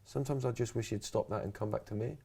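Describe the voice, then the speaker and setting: A man's voice: on the low side, fairly even intonation, fast talker, gravelly, mellow, slightly rough. A man voicing his own wistful inner child. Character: his hurt inner child, a young boy longing for attention.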